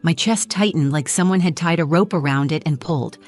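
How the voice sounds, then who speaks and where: A middle-aged woman narrating a first-person story in a measured, subdued manner. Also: low voice, a little mellow.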